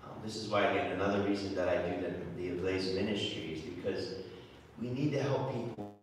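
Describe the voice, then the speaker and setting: Guy preaching a homily in a big echoey church, kinda low voice, mic far off, loose chatty delivery. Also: slight background noise. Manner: conversational, halting with repeated words.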